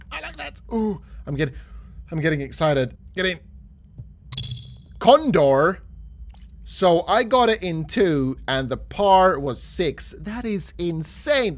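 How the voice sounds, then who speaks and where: A young man talks through his mini golf game at his desk mic, narrating each shot to his viewers. His voice sits a touch high and moves all over the place, and he gasps and shouts when a shot lands or misses. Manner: excitable, gasping and shouting at shots. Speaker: gaming YouTuber. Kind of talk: let's play commentary.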